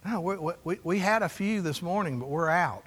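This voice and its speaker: A man's voice: high voice, normal speed, slightly rough. A male pastor preaching a sermon in a church, telling stories and acting out the dialogue. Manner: storytelling, animated, acts out dialogue. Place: church sanctuary. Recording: long hall reverb.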